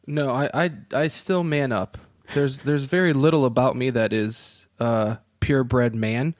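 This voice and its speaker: Male co-host from Virginia, mid pitch, dry sound, rambling and self-deprecating. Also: fairly even intonation, measured pace, dry recording. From Virginia, USA. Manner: rambling, self-mocking, swears casually, laughs often. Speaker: podcast co-host. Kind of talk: casual podcast chat.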